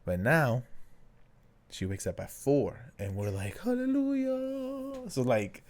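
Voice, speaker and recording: A young man co-hosting a podcast in casual chat, telling stories and acting out quotes with sudden high jumps in his voice. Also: slow pace. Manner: animated storyteller, acts out quotes with big pitch jumps. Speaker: podcast co-host.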